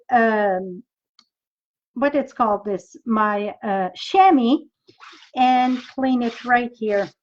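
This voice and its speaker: Her pitch is fairly high, the highs are cut off, and there's a little hiss or hum in the recording. She's a middle-aged French Canadian woman with a French accent, chatting to viewers and musing aloud while showing how to make cards in a live-streamed crafting demo.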